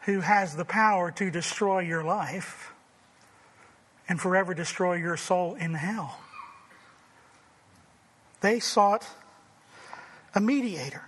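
A man preaching a sermon, emphatic and rising to forceful declarations. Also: sits high, slow, long pauses, slightly rough, long reverb tail. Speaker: pastor.

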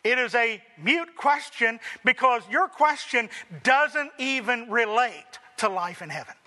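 A man's voice: extremely high pitch, lively intonation, measured pace, sharp tone. A man preaching a sermon as pastor, emphatic, with rhetorical questions and building lists.

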